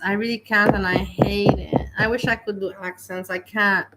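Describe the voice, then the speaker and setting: A woman's voice: medium pitch, steady tone, normal speed, few pauses, heavy background noise. A woman hosting a livestream, casually reacting to clips and repeating herself earnestly. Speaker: livestream host.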